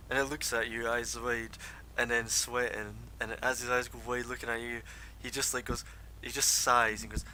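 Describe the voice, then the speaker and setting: Man running a tabletop game, noisy stream. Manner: rambling with many fillers. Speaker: dungeon master. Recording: noisy low-quality stream audio.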